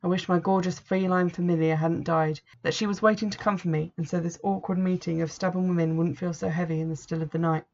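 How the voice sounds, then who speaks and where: Measured woman storyteller, low and gravelly, muffled recording. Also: steady tone, a little mellow. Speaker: narrator. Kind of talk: first-person story reading. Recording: dull lo-fi recording.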